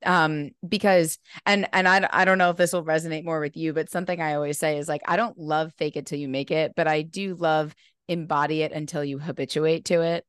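A woman talks as a guest on a podcast, explaining ideas earnestly and with lively energy. Her voice sits on the low side and is full of casual filler words. The sound is dry with little room tone. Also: a little fast, smooth, dry recording. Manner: earnest and animated, many "like" fillers. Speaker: podcast guest, mindfulness instructor. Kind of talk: casual conversational interview.

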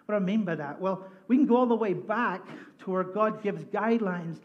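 A male pastor with a fairly high voice preaches a lively sermon. He tells stories with humor and slips into voices for the people in them. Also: brisk, muffled recording. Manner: animated, jokey, acts out voices in his stories. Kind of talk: sermon with storytelling. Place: church sanctuary.

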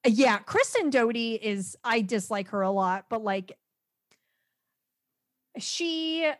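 Animated, laughing woman on a dry mic. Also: on the high side, slow pace, no echo. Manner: animated, laughs often, many fillers and restarts. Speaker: podcast guest. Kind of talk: casual podcast chat.

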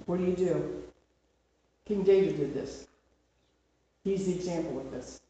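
A woman gives an informal Bible teaching with plenty of rhetorical questions. She leans hard on her key points and slows down to drive them home. Her voice carries across a very echoey room, picked up from a distance. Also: on the low side, warm tone, lo-fi sound, a little hiss or hum.

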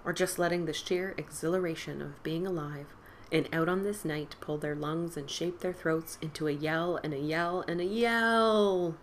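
A woman podcast host reading a spooky story aloud in an expressive storybook style, dropping to whispers and rising for the characters' cries. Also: sits low, moderate pace, slight background noise. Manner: dramatic, drops to whispers and lifts for quoted boys' cries.

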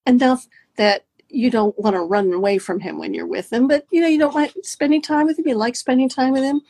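A woman coaching listeners through a guided talk, animated and swooping her pitch up and down to demonstrate. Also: fairly quick, no echo. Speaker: dating and mindfulness coach.

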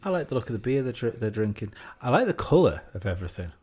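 Co-host, low voice, lively pitch, playful and jokey, casual podcast banter. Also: fast, husky. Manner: playful, jokey, puts on silly voices in quoted lines. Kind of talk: casual watch-along chat.

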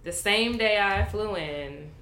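A woman's voice: medium pitch, takes it slowly, echoey room, noisy background. An American woman telling a story in casual conversation, acting out what people said to her. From United States. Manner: animated, acts out quoted people.

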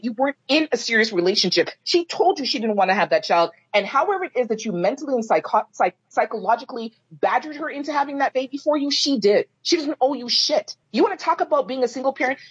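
A woman with a breathy, husky voice and a lively, swooping pitch, fairly high for her sex. She speaks bluntly and with plenty of swearing as a podcast co-host. The audio is slightly dull and lo-fi. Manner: blunt, profane and indignant. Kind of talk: heated casual podcast talk.

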